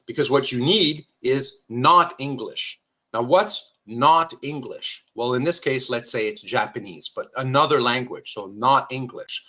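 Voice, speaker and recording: Guy giving a philosophy lecture, bright edgy voice, keeps restarting and asking if everyone's following. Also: mid-range voice. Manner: thinks aloud, checks in with listeners often; self-correcting restarts, informal asides. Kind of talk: live lecture at a diagram.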